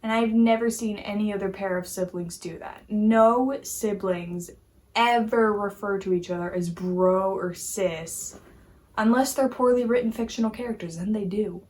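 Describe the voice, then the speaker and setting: A woman giving a casual, animated opinion rant as a YouTube commentator, exasperated and full of "like" fillers. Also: medium pitch, normal speed. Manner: animated, exasperated, heavy use of "like".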